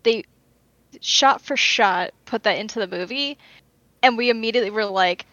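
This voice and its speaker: A woman's voice: fairly high pitch, moderate pace, no room sound. Chatty woman on a dry, dull podcast mic. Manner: chatty, animated storytelling with casual swearing. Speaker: podcast co-host. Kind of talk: casual podcast chat.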